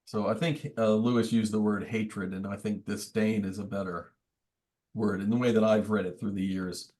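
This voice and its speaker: A man's voice: on the low side, level tone, moderate pace, darkish tone. A man, a priest, teaching a book study group in a conversational, thoughtful way with wry asides. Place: church meeting room.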